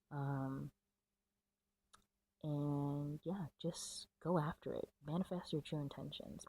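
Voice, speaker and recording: A woman's voice: low-pitched, mellow, poor audio. A woman giving a casual, chatty tarot reading to camera, full of fillers and a little out of breath. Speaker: tarot reader.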